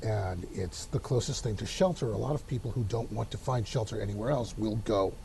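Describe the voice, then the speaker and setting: A man's voice: fairly low pitch, brisk, vocal fry, warm tone, a little hiss or hum. A man, giving wry, opinionated commentary in a casual talk show discussion. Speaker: local politics commentator.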